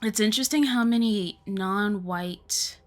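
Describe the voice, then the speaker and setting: A young woman talks over a game in casual let's-play commentary, rambling from tangent to tangent and swearing freely. Her voice sits at an ordinary middle pitch for a woman, easygoing and conversational. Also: a little slow. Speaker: streamer playing a game.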